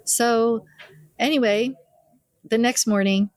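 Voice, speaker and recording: This older midwife takes it slowly in a fairly high pitch, relating family anecdotes during an interview and dramatizing the people she quotes with gusto. Dry, studio-quality recording.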